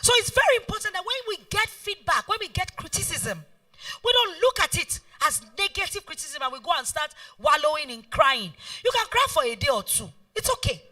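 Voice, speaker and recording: A woman's voice: very high-pitched, very animated, a little fast, sharp tone. A middle-aged woman with a Nigerian accent, an event planner giving a motivational talk, emphatic and fond of repeating key phrases. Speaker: event planner and guest speaker. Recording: voice heard from far off.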